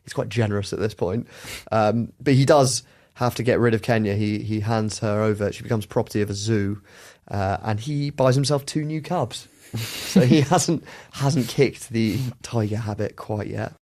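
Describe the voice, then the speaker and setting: A man's voice: fairly low pitch, normal speed, darkish tone. A man hosting a podcast, chatty, often laughing as he tells a story. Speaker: podcast host.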